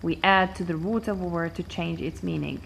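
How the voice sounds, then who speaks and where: A woman teaching an English pronunciation lesson, counting syllables aloud slowly and deliberately. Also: lowish voice, vocal fry, noisy background. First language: Arabic.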